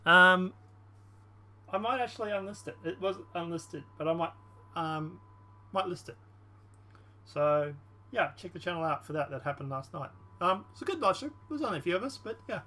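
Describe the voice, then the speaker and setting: A man's voice: sits high, animated, moderate pace, long pauses, bright, forceful tone. A man casually commenting on politics in a rambling, slangy vlog. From Australia. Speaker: channel host.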